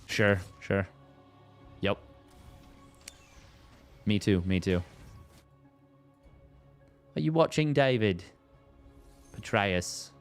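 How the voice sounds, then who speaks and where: A man's voice: on the low side, lively intonation, extremely slow, long pauses, smooth, soft background music. A man doing casual live commentary on a strategy game match, playful and self-mocking, wandering into joking asides. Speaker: esports caster.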